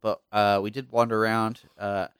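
A man's voice: lowish voice, level tone, moderate pace, a bit bright, clean tone, no room sound, clean studio sound. A young man hosting a casual chat, telling travel stories in a rambling, teasing way. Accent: not New Zealand. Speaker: podcast host.

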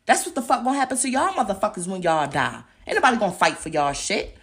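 A young woman hosting a podcast launches into an angry rant, heated, profane and confrontational, firing off rhetorical questions again and again. Her mid-range voice is sing-song and fast, with few pauses.

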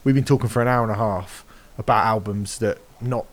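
A man's voice: on the low side, steady tone, brisk. A man in his forties chatting casually on a podcast, telling a story with lots of animation and swearing. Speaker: podcast guest. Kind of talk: casual chat.

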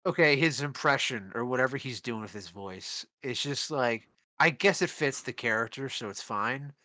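A man's voice: mid-range voice, lively intonation, normal speed, sharp tone, no echo. A man co-hosting a film podcast in casual chat, with a sardonic, exasperated way of talking. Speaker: podcast co-host.

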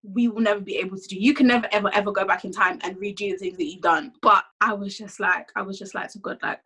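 A woman's voice: mid-range voice, fairly even intonation, quick pace, hardly any pauses, bright, forceful tone, husky, poor audio. A young woman giving a candid, conversational faith testimony, often saying "like".

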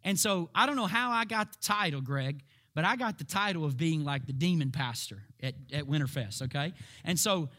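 A man delivers a sermon with a tense, forceful tone. His pitch sits a little high. He talks emphatically, asks rhetorical questions and climbs to shouted peaks. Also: expressive, moderate pace. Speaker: preacher.

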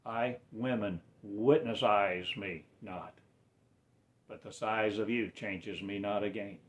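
A man delivering a rambling religious monologue, swinging between quiet low mutters and loud raised declarations, often stretching out his words. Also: steady tone, slow.

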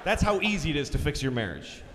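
A man's voice: on the high side, huge pitch swings, fast, slight background noise. A middle-aged man telling crude, exasperated jokes in a stand-up set in a large concert hall. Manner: crude, exasperated storytelling with sudden loud outbursts. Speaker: stand-up comedian. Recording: live concert hall recording, long reverb, faint crowd.

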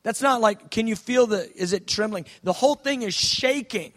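A man preaching a sermon, dramatic, swinging between shouts and hushed tones. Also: high-pitched, normal speed.

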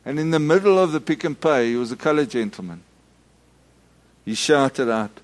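A middle-aged Methodist minister, giving a storytelling sermon full of restarts and acted-out shouts. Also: male voice, fairly high pitch, lively intonation, normal speed. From South Africa.

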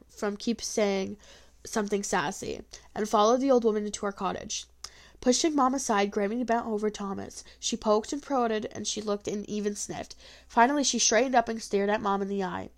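A woman reading a first-person folk tale aloud, expressive, with small slips and restarts. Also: mid-range voice, moderate pace.

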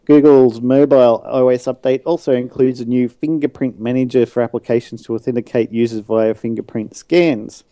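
Man, co-host, very dark voice, dry close mic, plain news read. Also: medium pitch, fairly even intonation, normal speed, hardly any pauses, no echo. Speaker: podcast co-host. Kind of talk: reading tech news, casual chat.

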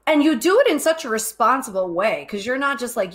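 A woman co-hosting a casual podcast, with a voice a little higher than most. She talks effusively and pokes fun at herself, and laughter slips into her speech often. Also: expressive, fairly quick, fairly bright tone. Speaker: podcast co-host.

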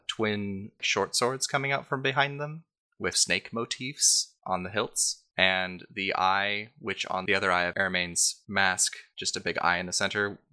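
A man runs a tabletop game as game master, narrating scenes casually with lots of "uh" and "like." His voice is very bright and sits a little low. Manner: descriptive, with frequent "uh" and "like".

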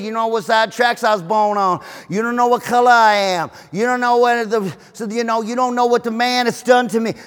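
A man preaching a sermon as pastor, emphatic and joking, with shouted peaks. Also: extremely high pitch. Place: church auditorium. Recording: reverberant hall.

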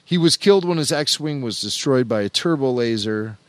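A man's voice: medium pitch, lively intonation, normal speed, dry recording. A man co-hosting a podcast in a playful, jokey casual chat, laughing often. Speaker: podcast co-host.

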